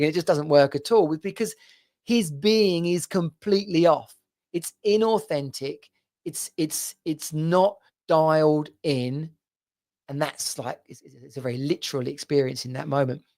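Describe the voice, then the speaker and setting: A man's voice: a little high, moderate pace, darkish tone. A man hosting a podcast, giving an earnest motivational monologue as a men's coach and speaking straight to the listener.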